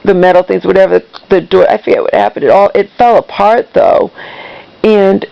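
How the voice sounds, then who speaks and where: Gravelly woman venting angrily. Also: medium pitch, steady tone, normal speed, lo-fi sound. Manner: heated, swearing, repetitive. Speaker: vlogger. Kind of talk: angry venting monologue.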